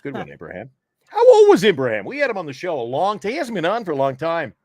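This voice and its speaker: A man's voice: fairly high pitch, quick pace, dry recording, clean studio sound. A man co-hosting a casual live sports chat show, telling old radio stories with a lot of energy. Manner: storytelling, lively, does voices of people he quotes. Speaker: podcast co-host. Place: home studio, live stream.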